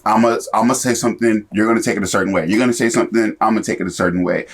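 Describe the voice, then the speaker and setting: A man in a casual conversation, talking quickly and reflecting out loud as he makes his point. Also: fairly low pitch, steady tone, breathy edge.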